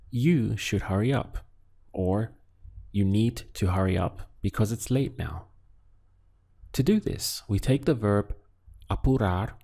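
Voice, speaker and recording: A man teaching a Spanish lesson in a calm, measured voice, asking the listener to answer and then giving each phrase. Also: on the low side, gravelly. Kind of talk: scripted language lesson.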